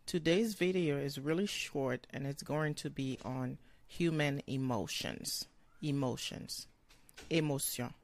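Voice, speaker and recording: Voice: medium pitch, slow pace, dry recording. A language teacher giving a short vocabulary lesson, saying each word several times and then translating it.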